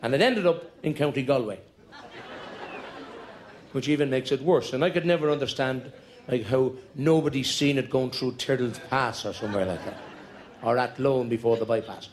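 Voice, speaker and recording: A man's voice: mid-range voice, moderate pace. Irish male comedian, chatty storyteller. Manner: chatty, conspiratorial, building jokes with repetition. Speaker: stand-up comedian. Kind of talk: live stand-up storytelling.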